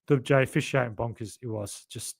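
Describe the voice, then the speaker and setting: A chatty middle-aged man runs a casual podcast stream, answering viewer comments one after another. He talks in a loose, rambling way, doubling up words and restarting sentences, and throws in jokey asides. His voice sits at an ordinary middle pitch. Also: a little fast, vocal fry. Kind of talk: casual live-stream chat.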